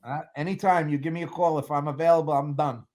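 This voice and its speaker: A man in a casual interview, telling lively stories about making films and acting out what people said. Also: a little high, fast. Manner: animated storyteller, acts out quotes, laughs often. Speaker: film producer guest.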